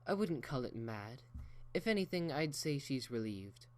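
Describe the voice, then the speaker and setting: A man's voice: mid-range voice, big pitch swings, moderate pace, darkish tone, pitched above the performer's own voice, close to an everyday voice. A man voicing an elegant, proper unicorn mare who speaks in a genteel, theatrical way. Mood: breezy.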